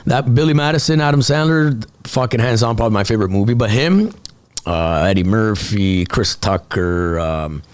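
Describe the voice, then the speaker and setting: A man who is a comedian, telling stories as a guest in a casual podcast chat, animated and profane. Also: on the low side, moderate pace. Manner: animated storytelling, frequent swearing.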